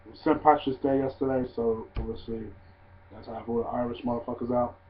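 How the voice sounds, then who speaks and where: A man casually reviewing a wrestling show, swearing freely and ranting in loud disbelief. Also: medium pitch, flat delivery, fast, slight background noise. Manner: profane, ranting, gets loud and incredulous. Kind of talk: casual solo review vlog. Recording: tinny phone-like audio.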